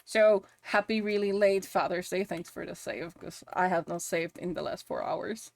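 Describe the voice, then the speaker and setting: A woman's voice: lowish voice, normal speed, vocal fry, dry recording. A woman with a Spanish accent chatting casually on a live stream while she works, giggly and swearing playfully. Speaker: VTuber streamer and model rigger.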